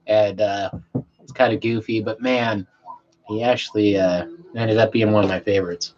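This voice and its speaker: A man's voice: on the low side, measured pace, long pauses. A man chatting casually with his viewers on a live stream from home. He speaks laid-back, swears here and there, and coughs between sentences. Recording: dull lo-fi stream audio, faint room hiss.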